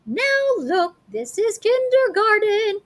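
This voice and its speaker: A woman's voice: very high voice, sing-song, voice pushed up, exaggerated voice. A woman doing a sing-song kindergarten teacher. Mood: lecturing. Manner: slow, sing-song, emphatic.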